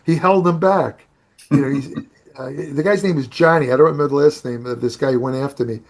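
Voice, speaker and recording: A man's voice: mid-range voice, a little fast. Older man telling rambling stories. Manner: rambling anecdotes with restarts and laughs. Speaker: guest, bodybuilding writer. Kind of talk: casual storytelling on a podcast.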